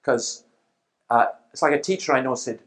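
Middle-aged man, Christian speaker, lively anecdotal talk to a church crowd. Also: mid-range voice, moderate pace. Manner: lively storytelling with quoted exchanges and asides.

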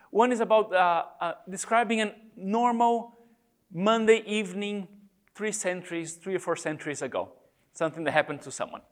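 A man preaching a reflective devotional talk on prayer, speaking in a halting way with many pauses and restarts. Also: sits high.

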